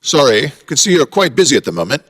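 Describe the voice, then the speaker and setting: A man's voice: mid-range voice, sing-song, fast, a bit bright, husky, big-room sound, pitched above the performer's own voice. A man voicing a polite, uneasy British father on holiday, speaking with a British accent in formal, apologetic phrases.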